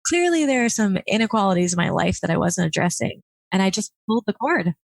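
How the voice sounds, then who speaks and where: A woman's voice: mid-range voice, very animated, fast, gravelly, no echo. A woman in her thirties, a podcast guest, telling candid stories with frequent laughs and acted-out quotes. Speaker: guest, former chief of staff. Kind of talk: casual podcast interview.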